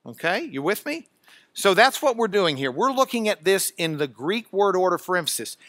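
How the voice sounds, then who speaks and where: Animated man teaching scripture with loud emphasis. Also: high voice, moderate pace, no echo, studio quality. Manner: dramatic bursts of loud emphasis while reading scripture; drops to quiet asides when searching notes. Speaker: Bible teacher. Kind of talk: classroom Bible lesson. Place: classroom, recorded for radio.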